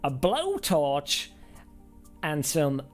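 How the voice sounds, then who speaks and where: A man voicing a breezy American male sim-rig reviewer, with a put-on American accent and slow, upbeat presenter patter. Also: fairly high pitch, huge pitch swings, faint music behind, full character voice. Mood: mock-cheery.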